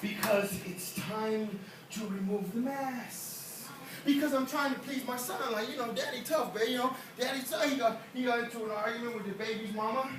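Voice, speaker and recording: A middle-aged man preaching in church with emotional force, swinging from hushed asides to shouting. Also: very high voice, steady tone, normal speed. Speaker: pastor. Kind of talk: energetic sermon. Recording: echoey hall from far off, noisy.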